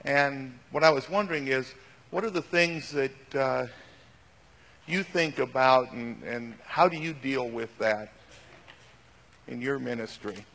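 A man's voice: medium pitch, measured pace, long pauses, fairly bright tone. A man in the audience asking a question, hesitant and searching for his words. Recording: long hall reverb.

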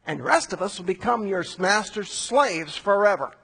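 A man voicing a group of frightened brothers who insist on their innocence in a shrill, high voice. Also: lively intonation, moderate pace, bright, forceful tone, slightly rough, in a large hall, heavily acted. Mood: indignant insistent.

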